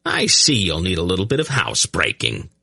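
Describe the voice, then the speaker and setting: A man's voice: low voice, huge pitch swings, fairly quick, gravelly, bright, forceful tone, husky, dry recording, studio quality, heavily acted. A man voicing a sardonic, mocking old hunchbacked sorcerer in an audiobook. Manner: sardonic, taunting. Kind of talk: audiobook character voice.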